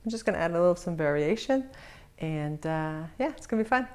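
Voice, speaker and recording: A woman's voice: on the low side, animated, a little fast. A woman teaching an online belly dance lesson. She talks cheerfully, laughs often and counts out the moves while humming the music as "da da da".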